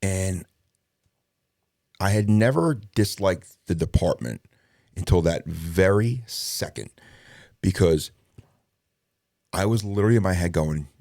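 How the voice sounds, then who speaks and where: A middle-aged man, a former police detective, telling a story in a casual interview, profane and animated, acting out the dialogue. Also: sits low, a little slow, pauses often, no echo, studio quality.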